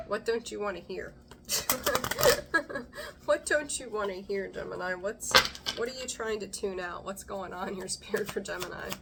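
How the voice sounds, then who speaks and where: A bright, forceful woman's voice talks straight to the viewer through a tarot spread, blunt and loose with her swearing. She laughs easily and keeps the chat casual. A faint hum of room noise sits underneath. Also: medium pitch. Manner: chatty, blunt, swears freely, laughs often. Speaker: tarot reader. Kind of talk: casual intuitive reading to camera.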